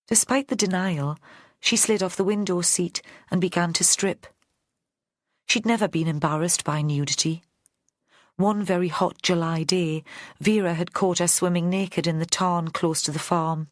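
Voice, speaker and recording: Woman audiobook narrator, low voice, measured delivery, dry close sound. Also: fairly even intonation, no room sound. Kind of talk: scripted narration.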